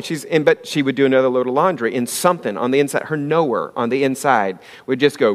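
A man's voice: medium pitch, lively intonation, fast talker, big-room sound. A man preaching a sermon as pastor, talking in a conversational way and often asking the congregation if they follow him.

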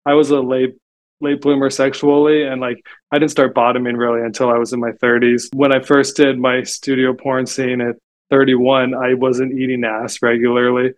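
This is a man guesting on a podcast, swapping stories in casual interview talk peppered with "like." The pitch is medium, the delivery flat, the pace moderate.

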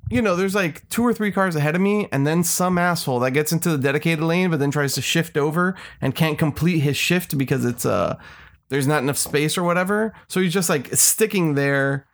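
A man, co-hosting a casual chat and telling stories in a profane, animated way. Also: fairly high pitch, brisk. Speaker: podcast co-host.

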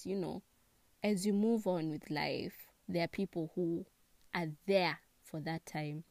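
A young woman with a Kenyan accent chatting casually, expressive and quick to laugh, giving relationship advice. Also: mid-range voice, dry recording. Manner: chatty and expressive, laughs often, mixes in Swahili words. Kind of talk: casual chat to camera.

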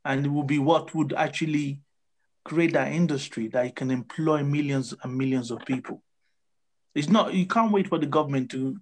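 Man, panel guest, earnest, heavy on fillers, slightly high pitch. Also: slight background noise. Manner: earnest, many "you know" fillers. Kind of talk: casual panel discussion.

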